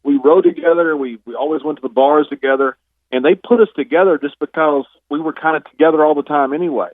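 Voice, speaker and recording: A man in his fifties telling stories as a guest on a phone interview, relaxed and chuckling now and then. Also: on the high side, quick pace, no room sound. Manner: relaxed storyteller, chuckles often. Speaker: guest, retired pro wrestler. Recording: dry tinny phone line.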